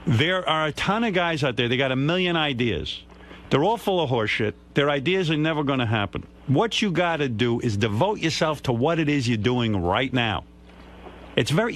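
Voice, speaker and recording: A man's voice: a little high, fairly bright tone. An older man, hosting a radio show and lecturing a caller bluntly. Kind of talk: on-air advice to a caller.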